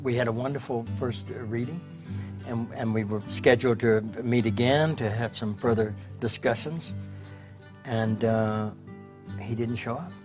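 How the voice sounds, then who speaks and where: A man of middle pitch tells animated stories about an old colleague in a documentary interview, slipping into quick impressions. Soft music plays faintly underneath. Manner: animated storytelling, imitating voices. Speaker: interviewee, actor.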